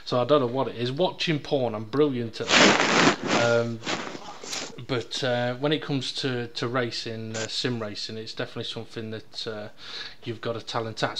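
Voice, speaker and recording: A man hosting a casual podcast, rambling and joking with lots of ums and uhs. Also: medium pitch. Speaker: podcast host. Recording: noisy background hiss.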